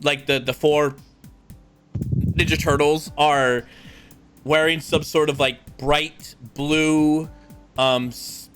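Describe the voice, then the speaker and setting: A man runs a tabletop game, describing scenes slowly and rambling along with plenty of fillers. His voice sits a bit high for a man, and faint music plays underneath. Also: steady tone, a bit bright. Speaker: game master. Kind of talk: narrating a tabletop role-playing game.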